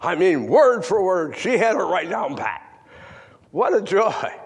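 An older man preaching in a church, moving between loud emphatic lines and hushed near-whispers. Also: high voice, very animated, measured pace, husky. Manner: old-fashioned scripture reading, repeats words for stress. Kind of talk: sermon.

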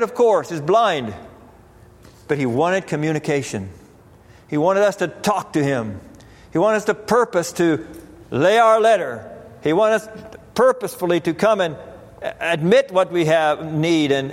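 A man preaches a sermon in a church, reading scripture in old-fashioned wording and circling back over his phrases. His voice sits fairly high for a man. It rings out with a long reverb, as in a large hall. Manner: reads scripture in King James wording, repeats phrases.

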